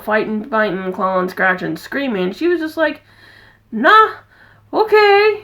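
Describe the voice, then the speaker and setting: A woman chatting casually to camera from her home. She rambles through her story and breaks off to coo at her cats in a high sing-song. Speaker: crafting vlogger.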